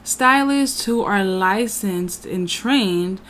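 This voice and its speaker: A woman's voice: mid-range voice, very slow, a bit bright. A woman hosts a casual storytime to camera. Her tone is conversational, and she addresses her viewers as y'all. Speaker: channel host.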